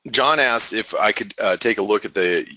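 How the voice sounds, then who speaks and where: A man giving casual market analysis, halting with many fillers and restarts. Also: on the low side, bright, forceful tone, dry recording, rough recording.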